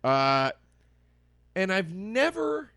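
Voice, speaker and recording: A man's voice: high-pitched, very slow, clean tone, dry recording, studio quality. Man telling a story, laughing a lot. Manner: animated storyteller, quotes people in his own voice, laughs often. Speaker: podcast co-host telling a story. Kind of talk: casual chat, storytelling.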